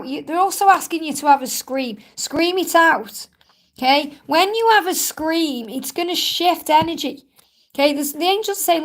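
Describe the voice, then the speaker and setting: Woman psychic reader live on stream, high voice, gentle and reassuring, repeats her comfort. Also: moderate pace. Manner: soothing, reassuring, repeats herself. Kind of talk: live-stream Q&A card reading.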